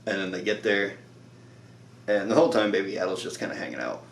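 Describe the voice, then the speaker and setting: A man's voice: low-pitched, lively intonation, quick pace, creaky, reverberant, distant mic, a little hiss or hum. A tired man recapping a show episode in a loose, rambling way, with lots of "like" and frequent laughs.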